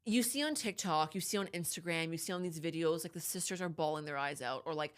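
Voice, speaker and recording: Candid woman podcaster, low-pitched. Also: fast talker, few pauses. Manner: candid, talks over interruptions, swears casually. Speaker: podcast co-host. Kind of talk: casual chat.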